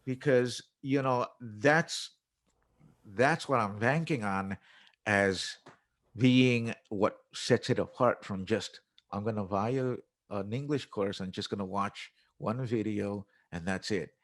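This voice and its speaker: Low-voiced man explaining teaching methods. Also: takes it slowly. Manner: animated explainer who acts out classroom phrases. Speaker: guest, English teacher and musician. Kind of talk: conversational interview.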